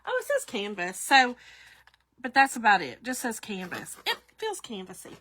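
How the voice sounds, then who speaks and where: A woman's voice: on the high side, wildly swooping pitch, normal speed, a bit bright, no echo. A middle-aged woman hosting a live craft demo, chatty and laughing often as she greets viewers by name. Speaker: craft livestream host.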